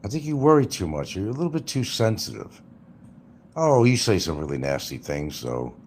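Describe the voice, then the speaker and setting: A man's voice: fairly low pitch, big pitch swings, normal speed, darkish tone, a little hiss or hum. An older man hosting a livestream, rambling and mocking with crude, casual talk. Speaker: livestream host.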